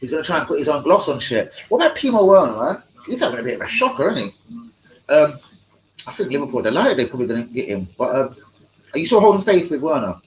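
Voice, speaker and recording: A man's voice: mid-range voice, big pitch swings, fast, slight background noise, poor audio. A man hosts a live-stream football chat, talking in a casual, rambling way with slang and heavy swearing. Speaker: fan channel host.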